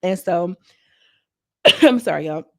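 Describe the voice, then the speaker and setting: A woman's voice: on the low side, animated, slow pace, gravelly, pushed and bright, dry recording, clean studio sound. A young woman recapping a reality TV episode in a chatty, slang-filled way, acting out what people said. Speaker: reality TV reviewer.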